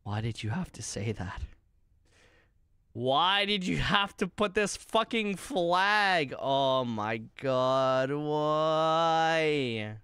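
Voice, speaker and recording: Male streamer for horror game commentary; bright, swings his pitch widely, panics and swears, faint game music behind. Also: lively intonation, very slow, clean tone, no echo, studio quality. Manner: jumpy, panicky, swears a lot.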